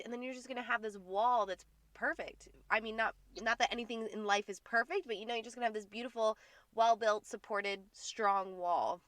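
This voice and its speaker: A woman's voice: a little high, sharp tone, no room sound. A woman hosting a podcast, chatting in an enthusiastic, affirming way. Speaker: podcast host. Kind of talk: casual conversation.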